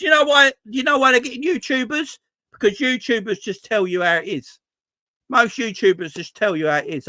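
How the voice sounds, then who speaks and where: Guy ranting about football, bright high voice, swears a lot, dry sound. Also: a little fast, no echo. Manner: exasperated, swears, repeats himself when frustrated. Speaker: football fan channel host. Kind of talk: casual ranting commentary.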